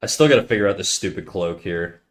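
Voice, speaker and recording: A young man live streaming, chatting casually with viewers in a deep, bassy, nasal voice, talking fast with frequent stutters and restarts, swearing and calling everyone dude. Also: animated. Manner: swearing, slangy, calls listeners dude. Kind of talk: casual chat reading viewer comments.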